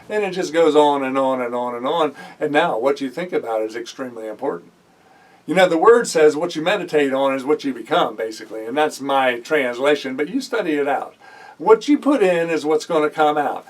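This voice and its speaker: Fairly quickly and in a high, lifted voice, a man preaches a sermon, retelling a scripture story and acting out the voices of biblical figures. He drives his points home by repeating phrases, and the mic picks him up from a distance.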